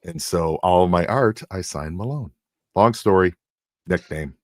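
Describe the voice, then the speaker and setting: In clean, echo-free studio sound, a podcast co-host with a deep voice and darkish tone speaks at a measured pace. He tells an energetic story on a casual show, voicing the other characters, yet sounds tired and short of breath.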